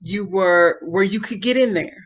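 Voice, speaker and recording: A woman hosting an interview podcast, talking in a relaxed, encouraging way with frequent ums. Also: medium pitch, measured pace. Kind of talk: casual interview conversation.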